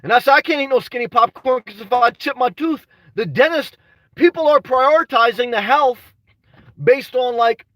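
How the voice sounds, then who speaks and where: High, bright-voiced man on a livestream. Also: normal speed, dry recording, distant mic. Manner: restless, says "man" constantly, swings to shouting. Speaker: vlogger reading live chat. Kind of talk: emotional livestream chat.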